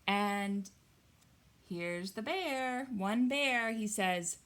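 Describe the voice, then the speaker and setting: A woman reading a picture book aloud and leading young children through yoga poses, gentle and encouraging. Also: mid-range voice, animated, very slow, reverberant, distant mic. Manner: gentle, encouraging, sing-song teacher's voice.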